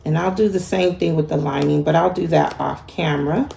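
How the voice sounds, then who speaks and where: A woman's voice: deep voice, fairly even intonation, brisk, creaky, mellow. A woman giving a chatty sewing tutorial to her viewers, laughing at herself as she works. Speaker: sewing instructor. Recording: echoey room with faint ambient noise.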